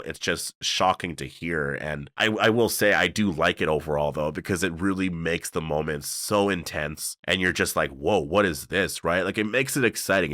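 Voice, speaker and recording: A man with a very low voice talks through a TV episode review. He rambles and leans on fillers, excitable but loose. The sound is dry and close. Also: no echo. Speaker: show reviewer. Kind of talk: casual video breakdown.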